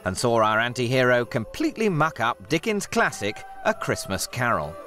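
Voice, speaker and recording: A man narrates a documentary script with a playful, lively delivery and plenty of swing in his pitch. Music plays clearly behind his voice. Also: moderate pace.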